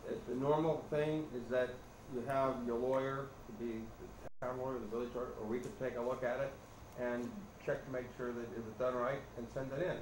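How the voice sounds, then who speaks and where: A man's voice: medium pitch, flat delivery, fairly quick. Man, plainspoken, explaining, echoey room, background noise. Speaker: advisor to the board. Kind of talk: public meeting explanation. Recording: echoey noisy meeting room recording.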